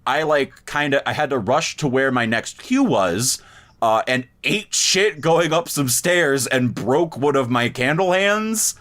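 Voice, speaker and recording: Guy on a podcast rambling thru a story, swears a lot, keeps restarting, mid pitch. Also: animated, a little slow, fairly bright tone. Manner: rambling, profane, frequent restarts. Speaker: podcast co-host. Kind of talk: casual storytelling.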